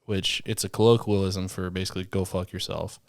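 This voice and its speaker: A man with a very low voice co-hosting a casual podcast. He rambles through explanations, thinking aloud as he goes, and the sound is close and dry with no room echo. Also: level tone, brisk, creaky. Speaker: podcast co-host. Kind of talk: casual chat.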